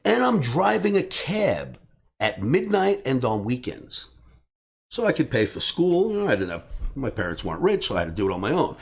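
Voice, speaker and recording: A middle-aged man from the New York area telling a personal story, animated and acting out the dialogue. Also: medium pitch, moderate pace, vocal fry. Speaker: trading educator and host.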